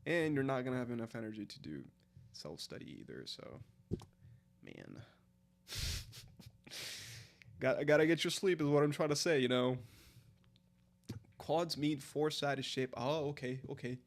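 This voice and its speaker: A tired young man from India chats loosely with his stream audience, reacting to the chat as he goes. His talk is full of slang and swearing, and he laughs often. His pitch sits in an ordinary middle range. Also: expressive, moderate pace, long pauses. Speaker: live streamer. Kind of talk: casual chat with viewers while reading the chat.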